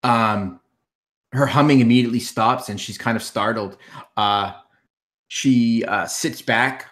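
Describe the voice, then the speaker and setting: A man narrating as game master of a tabletop fantasy game, halting with many fillers. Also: medium pitch, fairly bright tone.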